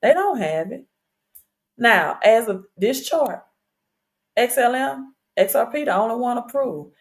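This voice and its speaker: A woman's voice: a little high, animated, unhurried. A woman hosting a casual livestream, talking straight to her viewers in a chatty, insistent way with fillers and repeated questions. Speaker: crypto livestream host. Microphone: streaming setup.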